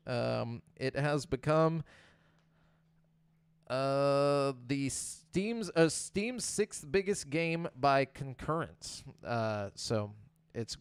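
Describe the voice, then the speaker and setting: A man co-hosting a podcast, reading gaming news items in a relaxed way with fillers and frequent laughs. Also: mid-range voice, clear, resonant tone, no echo. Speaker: podcast co-host. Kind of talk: casual chat, reading game news.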